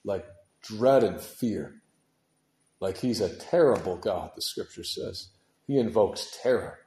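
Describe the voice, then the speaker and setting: A man preaching a sermon with passion, moving from hushed, heavy passages to loud, urgent ones, and dropping casual words like dude and man. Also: fairly low pitch, animated, takes it slowly, roomy sound. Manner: impassioned, swings from hushed to shouting.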